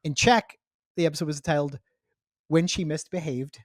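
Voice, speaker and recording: A chatty co-host of a podcast, drifting off on tangents and laughing easily. The voice sits at a middling pitch. It is recorded dry and close, with little room sound. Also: dry recording. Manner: chatty, digressive, quick to laugh. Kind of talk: casual podcast chat.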